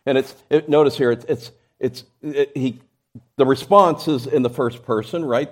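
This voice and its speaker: A man's voice: mid-range voice, moderate pace. A man preaching a sermon to his congregation, building emphasis through his points and often restarting mid-phrase. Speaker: pastor.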